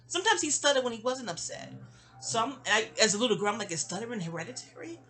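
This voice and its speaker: A woman's voice: a little high, lively intonation, quick pace, fairly bright tone. A woman, telling a personal story in a casual, rambling audio-diary style, stammering and restarting and acting out quoted lines.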